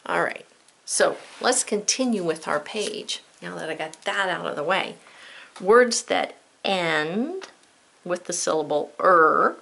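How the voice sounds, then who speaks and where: A woman's voice: fairly low pitch, animated, slow pace, vocal fry, bright, forceful tone, slight background noise. A woman teacher giving a patient, step-by-step spelling lesson, spelling words out letter by letter and checking in with young learners. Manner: addresses young learners directly with friendly checks.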